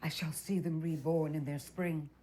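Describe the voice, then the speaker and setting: Brief: a woman voicing a solemn warrior guardian, low-pitched, vowing. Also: steady tone, normal speed, dark tone, lightly acted. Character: devoted warrior woman guardian of a forest grove.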